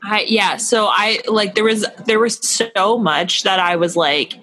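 A woman's voice: medium pitch, measured pace, sharp tone, low-quality recording. A woman co-hosting a casual book chat, gushing and rambling with lots of fillers. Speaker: podcast co-host.

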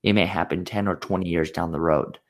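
A man hosting an interview, measured and asking his guest reflective questions. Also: low voice, fairly even intonation. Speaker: podcast host. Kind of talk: interview conversation.

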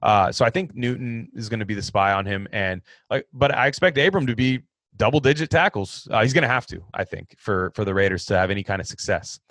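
A man's voice: lowish voice, lively intonation, a little fast, fairly bright tone, no echo. A man hosting a casual sports talk show, giving rambling, opinionated takes on football with frequent restarts. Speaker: sports podcast host.

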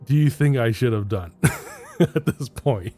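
A man hosting a podcast, casually telling a spooky personal story with pauses, restarts and little laughs. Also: medium pitch, animated, mellow. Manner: rambling, hesitant, laughs between lines.

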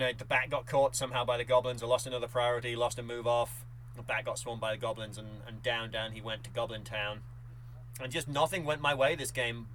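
Animated man recapping a tabletop game. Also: mid-range voice, slight background noise, rough recording. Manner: animated storyteller, acts out dice moments. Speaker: podcast co-host.

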